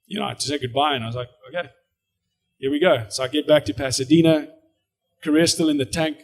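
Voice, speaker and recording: A South African man tells his story of faith to a church. He speaks in a slightly high, animated voice and acts out each scene as it comes. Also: fast talker. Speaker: actor giving a testimony. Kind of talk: church testimony.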